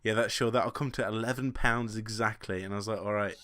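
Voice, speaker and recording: A man's voice: lowish voice, steady tone, brisk, fairly bright tone. A young man from the UK, co-hosting a podcast and telling rambling, self-deprecating stories with a lot of laughing. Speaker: podcast co-host. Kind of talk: casual chat.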